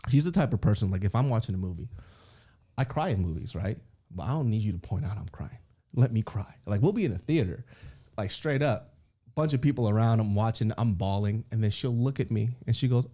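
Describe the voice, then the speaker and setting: This guest comedian, a man in his thirties, talks a little fast in a lowish voice while being interviewed. His candid, animated stories are packed with laughter, free swearing and acted-out quotes.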